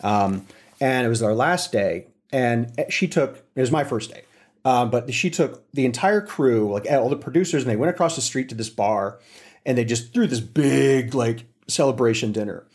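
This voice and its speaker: A man telling a story in an interview, with animated delivery and frequent restarts. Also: mid-range voice, normal speed. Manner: animated, acts out quotes with voices. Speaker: interview guest. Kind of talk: casual storytelling.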